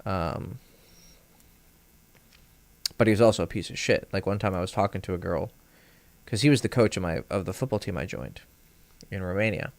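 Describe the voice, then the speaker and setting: A man's voice: animated, moderate pace, gravelly, pauses often, no echo. A man, a dating coach, telling a long casual story on a livestream, swearing freely and acting out the quoted lines of others. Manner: rambling, profane, acts out quoted dialogue with rising pitch; many fillers and restarts.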